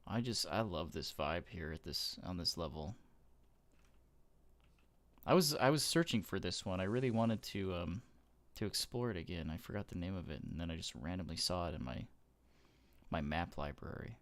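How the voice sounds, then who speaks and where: Guy gushing over old game maps, low voice that swings around a lot, goes all soft and hushed. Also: animated, moderate pace, pauses often. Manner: gushing, awed, often trails off into soft murmurs. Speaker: gaming YouTuber. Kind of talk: casual gameplay commentary.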